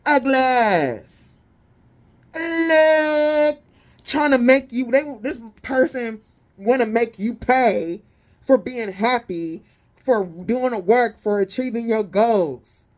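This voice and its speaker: A woman giving a casual tarot reading, blunt, profane and sassy, with animated indignant peaks. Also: fairly high pitch, takes it slowly. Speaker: tarot reader.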